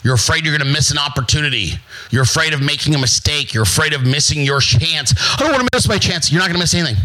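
Speaking quickly in a slightly high, sharp-toned voice, a US show host rattles off a brash, profane motivational monologue that's emphatic and repetitive. He mocks others with put-on voices, and the audio is poor.

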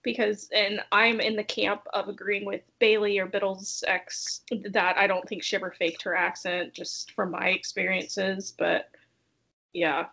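Woman co-host, mild Southern accent, relaxed and talkative. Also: medium pitch, measured pace, gravelly, poor audio. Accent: light Southern US. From American South. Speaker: podcast co-host. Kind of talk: casual chat.

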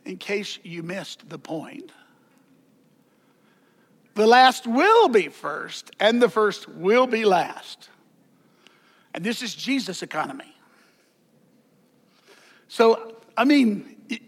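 A man's voice: very high-pitched, sing-song, slow pace, long pauses, fairly bright tone, husky. A man preaching a sermon as pastor, conversational, with joking asides and repeated words.

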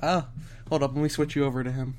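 A man's voice: mid-range voice, level tone, fast talker, darkish tone. A man hosting a casual podcast, loose and joking, with an ordinary mid-range voice. A faint noise runs under the recording. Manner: joking, rambling. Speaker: podcast host. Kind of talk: casual chat.

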